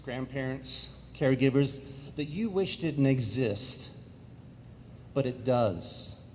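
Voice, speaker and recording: A middle-aged man from England speaks to a school audience, full of energy and jokes and talking straight to the crowd. His pitch sits a little above the usual for men, and a faint rumble runs underneath him. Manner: energetic, jokey, addresses the audience directly. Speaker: guest speaker. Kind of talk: lively public presentation. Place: high school auditorium.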